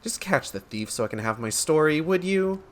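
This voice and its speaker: A man's voice: fairly high pitch, lively intonation, normal speed, close to an everyday voice. A man voicing a dry, sarcastic young female reporter.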